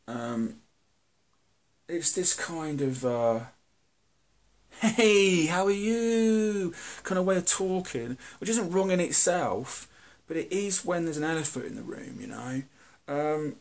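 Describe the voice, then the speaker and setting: A British man talking to camera in a candid, earnest monologue, blunt and halting, often restarting his sentences. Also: a little high. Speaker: video host.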